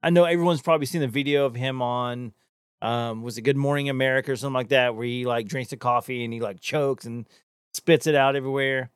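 A man's voice: mid-range voice, steady tone, fast, clean tone, no echo, clean studio sound. A man chatting casually as a podcast co-host, rambling with many fillers and restarts. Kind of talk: casual chat.

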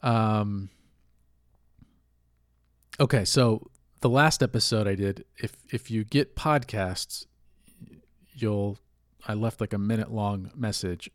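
A man's voice: on the low side, takes it slowly, pauses often, dry recording, clean studio sound. A man hosting a casual solo podcast, rambling candidly, swearing freely and laughing at himself. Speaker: podcast host.

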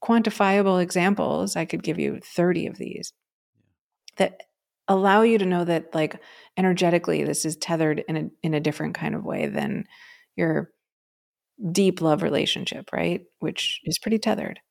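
Lower-pitched woman telling a story. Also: normal speed, vocal fry, darkish tone. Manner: storytelling, frequently asks "right?" and says "um". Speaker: podcast co-host. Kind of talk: casual spiritual podcast conversation.

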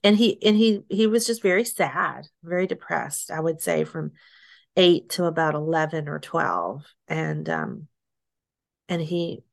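A middle-aged woman being interviewed, telling her story haltingly, with restarts, soft laughs and sighs. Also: low voice, animated, creaky. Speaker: interview guest.

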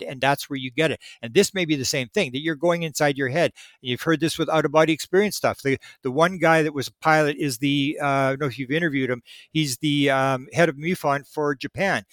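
Podcast guest, male, slightly higher voice, talks in loose restarting bursts. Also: dry recording. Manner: rambling, frequent restarts and repeated words. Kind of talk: casual conversational explanation.

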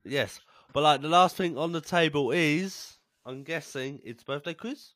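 A man co-hosting a casual chat show and acting as DJ, easygoing and quick to giggle, with lots of "yeah" fillers. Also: fairly high pitch, a bit bright. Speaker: co-host and DJ.

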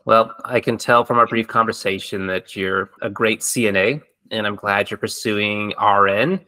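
A man's voice: fairly low pitch, fairly even intonation, normal speed, pushed and bright. A man hosting a podcast, speaking casually and encouragingly to his guest. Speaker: podcast host. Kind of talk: casual chat.

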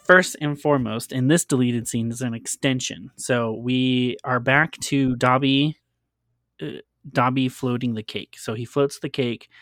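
A man's voice: mid-range voice, fairly even intonation, a little slow, fairly bright tone, no echo, studio quality. A man co-hosting a podcast, talking casually with lots of "like" fillers and frequent laughter. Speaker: podcast co-host. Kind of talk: casual chat.

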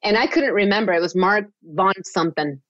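A woman tells her own story as a podcast guest, with animated delivery and frequent laughs. She often repeats words as she restarts a thought. Her voice comes through a dull, lo-fi recording that sounds dry and close. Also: medium pitch, fairly quick, dry recording. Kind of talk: personal storytelling in an interview.

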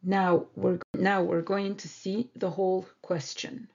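A woman teaching a beginners' French lesson, repeating each word slowly and carefully. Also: on the low side, flat delivery, creaky, darkish tone, breathy edge, muffled recording. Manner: slow, careful repetition of words. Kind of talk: slow language lesson.

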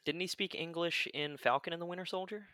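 A man's voice: fairly high pitch, quick pace, sharp tone, dry recording. A man co-hosting a casual fan discussion, enthusiastic, with hesitant restarts and self-deprecating asides. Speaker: podcast co-host.

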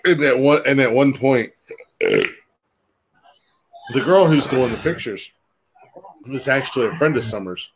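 A man's voice: medium pitch, sing-song, measured pace, long pauses, breathy edge. A man co-hosting a podcast, bantering crudely, swearing and laughing often as he tells stories. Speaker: podcast co-host.

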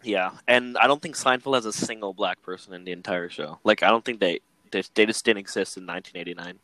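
A man's voice: on the low side, fast, bright, forceful tone, rough recording. A young man co-hosting a casual podcast chat, rambling with lots of fillers and frequent laughter. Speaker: podcast co-host.

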